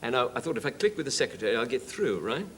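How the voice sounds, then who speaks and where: An English man in his forties, a guest on a television chat show, telling a lively story and slipping into comic character voices. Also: mid-range voice, rapid-fire. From England. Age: 40s. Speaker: comedian and actor, talk show guest. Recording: 1970s TV studio recording, faint hiss.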